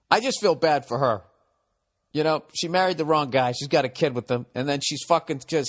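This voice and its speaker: A middle-aged man talks through listener advice in a loose, rambling comic monologue, swearing freely and speaking bluntly. His voice sits a little high for a man. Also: normal speed, long pauses. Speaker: podcast host giving advice. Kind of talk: casual comedic advice monologue.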